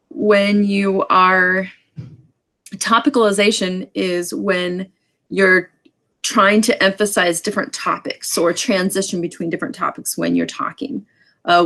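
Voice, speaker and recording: A woman with a somewhat low voice leads a relaxed sign language class. She explains things loosely, filling pauses with ums and adding quick asides as she goes. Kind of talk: casual online class lecture.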